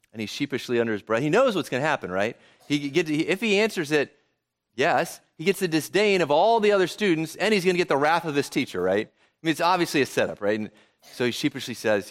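A male pastor delivering a sermon in a conversational way, often tossing rhetorical questions to his listeners. His voice is fairly high for a man and swings widely in pitch as he explains. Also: expressive, fast.

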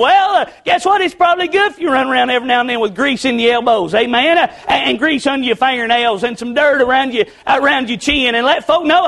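Man, very high voice, fiery sermon, drops to near hush then shouts. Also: quick pace, vocal fry, hardly any pauses. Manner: impassioned, swings between shouting and hushed pleading. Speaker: preacher.

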